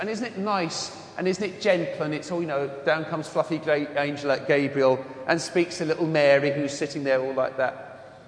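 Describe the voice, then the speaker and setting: A Catholic priest with a mild London accent preaches in a high, light voice, telling wry, self-mocking stories as part of his homily. The sound is echoey, with the long reverb of a church hall trailing each phrase. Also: a bit bright. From London, England. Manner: anecdotal, humorous, self-deprecating. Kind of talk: homily with personal storytelling.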